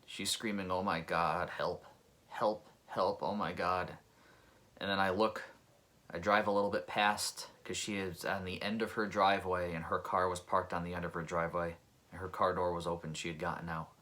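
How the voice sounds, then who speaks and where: A man's voice: sits low, little pitch movement, fairly quick, bright, forceful tone. A man, a pest control technician, telling a personal story in an earnest, reflective, conversational way.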